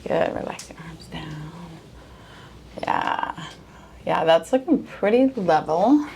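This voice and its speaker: A woman chiropractor coaching a patient through an exam, upbeat and giving calm step-by-step directions. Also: lowish voice, slow pace, gravelly, a little hiss or hum.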